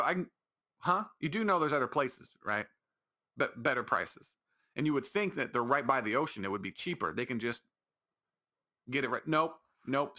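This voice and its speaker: A man's voice: medium pitch, pushed and bright. A man hosting his own podcast, talking alone in a rambling, exasperated way with lots of restarts. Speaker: podcast host. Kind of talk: solo casual podcast monologue.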